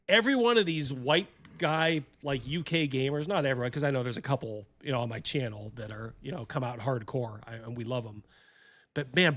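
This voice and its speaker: A man's voice: medium pitch, fairly bright tone. Rambling, profane male host. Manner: rambling, profane, laughs a lot. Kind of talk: casual chat.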